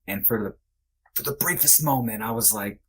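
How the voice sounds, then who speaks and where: Earnest man, low-pitched, halting. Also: husky. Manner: earnest, halting, reflective with restarts. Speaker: podcast guest. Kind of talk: candid conversation.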